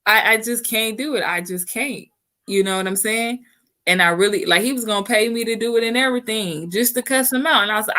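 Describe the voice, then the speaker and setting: A woman's voice: fairly high pitch, brisk, pushed and bright. A woman talking frankly in a casual, chatty way, often checking in with the listener. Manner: frank and chatty, often says "you know what I'm saying". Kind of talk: candid casual chat.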